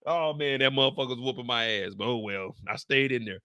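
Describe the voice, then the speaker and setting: A man's voice: medium pitch, expressive, normal speed, pushed and bright, no echo. A man hosting a live TV episode recap, telling the story in a profane, slangy way and acting out scenes with sound effects and his own anecdotes.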